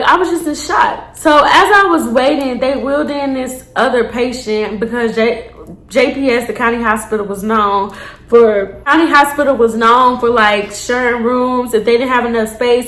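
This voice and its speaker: A young woman with a slightly high voice tells a story straight to her viewers, animated and blunt. She swears freely and throws in slangy asides. The room gives her voice a noticeable echo. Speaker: storytime vlogger. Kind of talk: casual storytime monologue. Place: indoors, seated on a chair.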